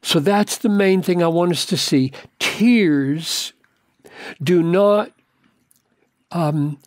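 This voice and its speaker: An older man, a pastor, giving an earnest, deliberate Bible commentary and stretching key words for emphasis. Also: high-pitched, no echo, clean studio sound.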